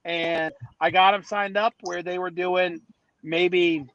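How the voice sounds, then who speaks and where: A man's voice: high-pitched, steady tone, slow, a bit bright, no echo, dull audio. A man, a podcast guest, telling a story in a casual, rambling way, often restarting his sentences, speaking from outdoors near a city street.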